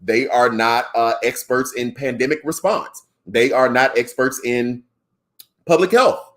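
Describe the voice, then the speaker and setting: A man co-hosting a podcast, giving casual political commentary in an animated, slangy, conversational way with a Southern African American accent. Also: mid-range voice, unhurried. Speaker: podcast co-host.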